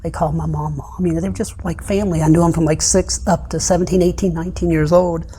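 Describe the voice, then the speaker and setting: A middle-aged man giving a personal testimony in an interview, retelling events haltingly with many pauses and often dropping soft and low. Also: little pitch movement, slight background noise. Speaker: interview guest.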